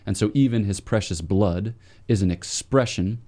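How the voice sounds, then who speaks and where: A man, a priest guest on a podcast, explaining theology in a measured, scholarly way with occasional fillers. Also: lowish voice, dark tone.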